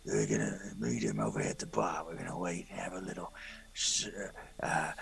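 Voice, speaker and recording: A man voicing a male sailor putting up a front, halting and fumbling for words. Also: deep voice, animated, creaky, fairly bright tone, pitched below the performer's own voice, exaggerated voice. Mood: scheming. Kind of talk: tabletop role-play.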